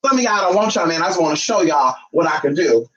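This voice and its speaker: A spiritual vlogger in casual chat with viewers, sassy, brash and profane, with sudden high outbursts. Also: expressive, quick pace, fairly bright tone, husky. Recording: distant, dull lo-fi sound.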